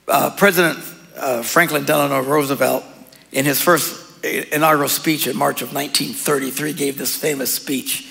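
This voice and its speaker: A man's voice: medium pitch, fairly even intonation, moderate pace, gravelly, sharp tone. A man preaching a sermon as pastor, in a casual, joking way with frequent laughs. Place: church hall. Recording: long hall reverb.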